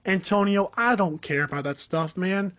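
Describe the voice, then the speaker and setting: A man doing an impression of a gruff middle-aged football coach, speaking lower and quieter than his own voice. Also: normal speed, highs cut off. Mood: dismissive. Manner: impression of a real coach, mumbly and casual.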